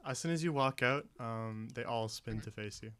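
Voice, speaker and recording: A man running a tabletop game as game master, narrating in a measured way with frequent fillers. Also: medium pitch, fairly bright tone, clear, resonant tone.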